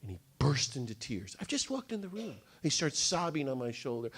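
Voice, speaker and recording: A man giving an animated storytelling talk to a gathering, fast and excitable, with a theatrical delivery. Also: mid-range voice, husky. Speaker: speaker at a nonviolence day. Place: indoor gathering room.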